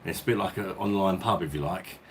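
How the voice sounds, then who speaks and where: A man from England with a slightly low voice hosts a casual live stream from home. He greets viewers by name and calls everyone mate in blokey slang. A faint hiss sits under his voice. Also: quick pace. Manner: chatty, reads out viewer names and greets them. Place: at home, indoors.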